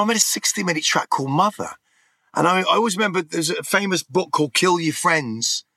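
A man's voice: fairly high pitch, bright, forceful tone, dry recording. A middle-aged man from England telling his life story in a candid, rambling interview, swearing freely and restarting his sentences. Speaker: interview guest.

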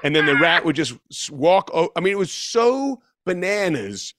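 A middle-aged man spins a meandering anecdote, his speech full of restarts and quick corrections. His voice sits a touch high and sounds close and dry. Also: sing-song, pushed and bright, dry recording. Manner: rambling, self-correcting, laughs mid-story. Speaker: guest musician. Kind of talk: casual storytelling.

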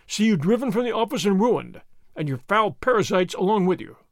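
A man voicing a proud, commanding elderly nobleman who speaks forcefully. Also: sits high, expressive, fairly quick, no echo, clean studio sound. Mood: stern.

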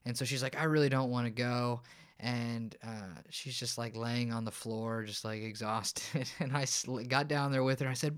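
A man's voice: mid-range voice, steady tone, moderate pace, smooth. A man, a counselor guest on a podcast interview, explaining and telling stories with frequent restarts. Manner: explanatory, storytelling, many restarts.

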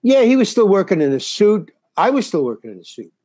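A man's voice: sits high, sing-song, a little fast, dark tone, no room sound. An older man, a comedian, telling stories in a casual interview, rambling with restarts. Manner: rambling, restarts, acts out quoted dialogue. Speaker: comedian guest.

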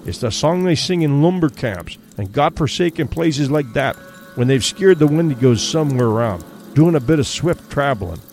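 A man voicing a grim, uneasy male backwoods guide from Canada, who talks in folksy, rough backwoods grammar. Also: fairly high pitch, lively intonation, normal speed, a little mellow, faint music behind.

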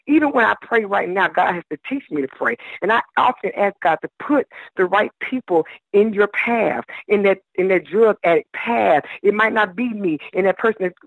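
A man's voice: sits high, expressive, moderate pace, gravelly, hardly any pauses, a bit bright, breathy edge, no room sound. A man calling in as a guest minister on a radio show, preaching with fervent cadence and calling listeners "baby". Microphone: telephone. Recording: tinny phone line.

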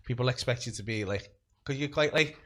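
Bright-voiced man hosting a podcast. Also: mid-range voice. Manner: laughs often, quick jokey interjections. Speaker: podcast host, comedian. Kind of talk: casual podcast chat.

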